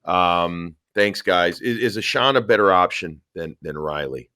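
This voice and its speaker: Podcast host, a man with a lowish voice, conversational, reading listener questions, dry close sound. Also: a little slow, pushed and bright, no room sound. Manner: conversational, reads questions aloud. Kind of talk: casual sports talk, reading listener questions.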